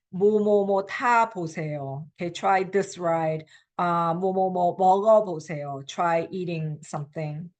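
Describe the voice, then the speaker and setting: Patient woman teaching a language lesson. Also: lowish voice. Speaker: Korean language instructor. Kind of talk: recorded online lecture.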